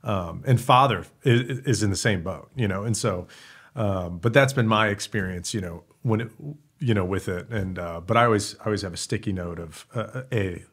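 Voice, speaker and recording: Husky, chatty man, fairly low voice. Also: moderate pace, a bit bright. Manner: rambling, self-correcting, chatty. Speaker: podcast co-host. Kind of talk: casual podcast chat.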